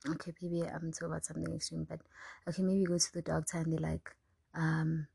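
Husky low-voiced South African woman ranting. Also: monotone, fast talker, dark tone, poor audio. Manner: heated, profane, mixes English and isiZulu. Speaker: vlogger. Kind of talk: casual vlog rant.

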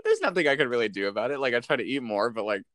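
A man's voice: medium pitch, big pitch swings, rapid-fire, fairly bright tone, dry recording, clean studio sound. A young man in casual chat, talking in a laid-back, matter-of-fact way with lots of fillers.

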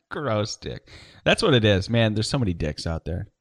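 A man's voice: fairly low pitch, sing-song, measured pace. A man co-hosting a casual chat show, joking and telling a story in a laid-back way. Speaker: podcast co-host.

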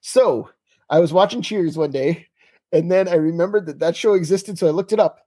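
Wry high-voiced man, husky and dry. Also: warm tone, no echo. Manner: chatty, wry, quick asides. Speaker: podcast co-host. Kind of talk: casual chat about TV.

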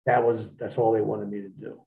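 A man, a wrestler, telling profane, animated stories as an interview guest over a phone line. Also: lowish voice, a little fast, vocal fry. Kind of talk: storytelling in an interview.

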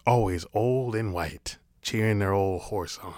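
Low-ish guy, talks slow, sarcastic rambling rant, dry close sound. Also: darkish tone, dry recording. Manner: sarcastic, rambling, swears casually. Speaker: vlogger. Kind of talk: casual comedic monologue.

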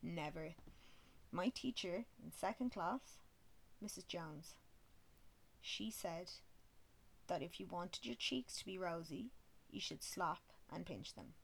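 Girl in her 20s just chatting away, a bit low, swears a lot, laughs at herself. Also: expressive, slow pace, vocal fry, pauses often, slightly rough. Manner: chatty, swears freely, self-mocking. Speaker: vlogger. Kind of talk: casual storytelling.

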